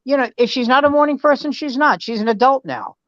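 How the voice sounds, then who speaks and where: A man's voice: extremely high pitch, quick pace, dry recording, highs cut off. A man in his seventies, a veteran comedian, casually telling stories and acting out his family's lines over a video call. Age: 70s. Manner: animated storyteller acting out family dialogue. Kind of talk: casual storytelling chat.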